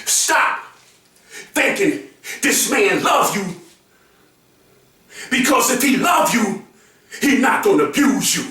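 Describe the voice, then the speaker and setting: A man giving an impassioned motivational monologue, preachy and emphatic, repeating his phrases and often rising to a shout. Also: very high voice, sing-song, slow, long pauses. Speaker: motivational speaker. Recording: very echoey room, voice far from the mic.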